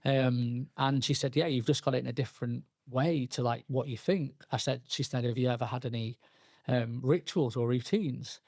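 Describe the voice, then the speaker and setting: Gravelly man telling his story. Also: medium pitch, a little mellow, no echo, studio quality. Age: young adult. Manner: halting, frequent restarts and fillers, quoting himself and others. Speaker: podcast guest. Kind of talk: candid personal storytelling.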